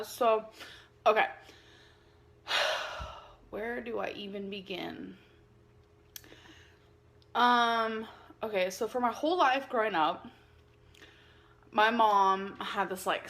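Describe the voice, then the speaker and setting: A woman's voice: on the high side, bright, forceful tone. A woman rambling through a personal story in a vlog, filling her talk with many likes and ums. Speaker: vlogger.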